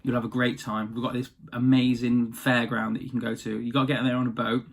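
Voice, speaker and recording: A man's voice: mid-range voice, flat delivery, fairly quick, husky. Shady male tricksters, coaxing, persuasive, a man doing them. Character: two shady male tricksters, smooth-talking.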